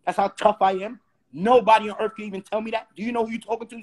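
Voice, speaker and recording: A Brooklyn man hosts a live stream, ranting hotly in a high, fairly level voice at a fast clip and firing off rhetorical questions again and again in a combative way. The phone or webcam audio carries a little hiss or hum.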